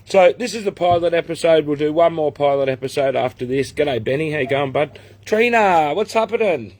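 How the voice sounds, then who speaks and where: A fairly high-voiced Australian man hosting a relaxed live stream. He chats loosely, laughs often and greets viewers by name one after another. He is sitting outdoors at the back of his house, talking into a laptop. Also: brisk, no room sound. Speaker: host. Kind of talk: casual livestream chat.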